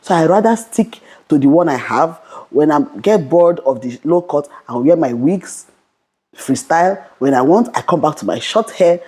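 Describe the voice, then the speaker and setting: A young adult woman vlogger giving a fast, bold motivational Christian talk to camera, often repeating "okay". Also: low voice, lively intonation, mellow, slightly rough.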